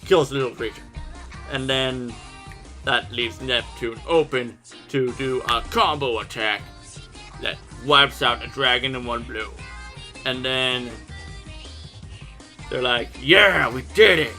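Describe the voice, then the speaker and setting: A man's voice: medium pitch, steady tone, slow pace, pauses often, pushed and bright, soft background music. A man giving a casual, irreverent episode recap of an anime, joking and swearing freely.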